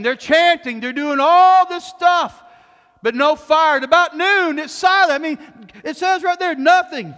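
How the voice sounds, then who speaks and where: A male pastor preaching a sermon emphatically, swinging between loud, high bursts and low, quiet asides, sometimes mocking as he acts out quoted speech. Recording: long reverb of a church hall.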